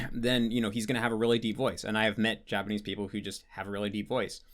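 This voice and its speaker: A man's voice: on the low side, flat delivery, fast talker. A young man hosting a casual question-and-answer session, explaining at length with frequent restarts and fillers. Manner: rambling, restarts with many likes, explanatory. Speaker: host answering patron questions. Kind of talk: casual Q&A monologue.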